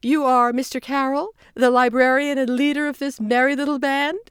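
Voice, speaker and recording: A narrator putting on a high, cheerful woman organizer. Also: little pitch movement, moderate pace, clean tone, no echo, clean studio sound. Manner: bright and chatty.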